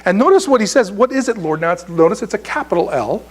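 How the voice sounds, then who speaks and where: A man's voice: high-pitched, animated, quick pace, slightly rough. A man preaching a sermon as pastor, in a conversational, joking way, often restarting his sentences. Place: church sanctuary.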